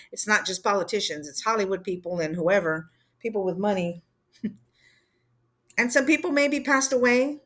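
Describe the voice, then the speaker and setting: A woman's voice: medium pitch, fairly bright tone. Rambling woman commentator, casual talk. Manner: rambling, conversational, full of "you know" and "right?". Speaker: political commentator.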